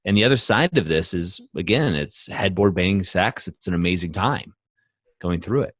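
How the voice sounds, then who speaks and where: Emphatic male podcast co-host with a low voice and dry, close recording. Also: normal speed, no echo. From United States. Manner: emphatic, animated storytelling with many fillers. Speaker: podcast co-host, men's coach. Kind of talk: casual podcast conversation.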